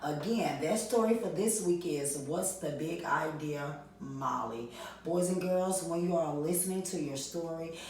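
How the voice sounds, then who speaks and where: A woman's voice: low voice, measured pace, darkish tone, faint music behind. A woman teaching a reading lesson to young children, asking questions in a sing-song way and answering them herself. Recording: distant mic, very echoey room.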